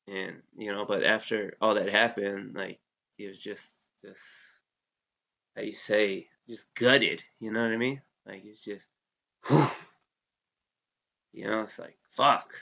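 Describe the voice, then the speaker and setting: Man, thirties, army veteran, casual storytelling, gravelly, low voice, muffled lo-fi recording. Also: steady tone, measured pace, a bit bright. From United States. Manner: laid-back, heavy with fillers like "you know", curses freely. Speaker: interview guest, Army veteran. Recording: dull lo-fi sound.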